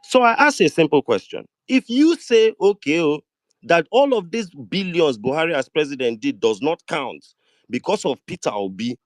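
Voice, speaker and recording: A man with a Nigerian accent and a mid-range voice pushes his question again and again. His pitch rises and falls a lot as he argues. The sound is dry and close. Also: no room sound. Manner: insistent, keeps pressing a question. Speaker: debate participant. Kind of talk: heated online debate.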